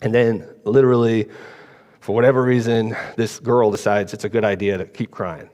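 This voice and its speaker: A man's voice: fairly low pitch, level tone, moderate pace, a little mellow, in a large hall. A man giving a casual, rambling sermon, often checking in with listeners. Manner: chatty, rambling, asks the congregation "right?" often. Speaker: preacher. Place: church hall.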